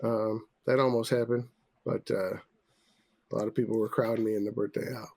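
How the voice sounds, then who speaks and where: A man's voice: fairly low pitch, little pitch movement, brisk, a little mellow. A man hosting a casual podcast, ranting profanely about sports after a few drinks. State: tipsy. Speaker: podcast host.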